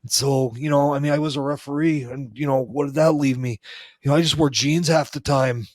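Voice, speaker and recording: A man co-hosting a comedy podcast, telling a meandering story in character and filling every pause with "you know". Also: mid-range voice, steady tone, a little mellow, no room sound, studio quality. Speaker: podcast co-host.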